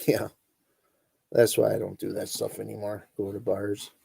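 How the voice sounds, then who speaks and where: A middle-aged man with an Upper Midwest accent, hosting a relaxed, rambling chat and chuckling as he goes. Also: fairly low pitch, moderate pace, vocal fry, breathy edge, no echo. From northern Wisconsin. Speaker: host. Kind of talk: casual chat reading live comments.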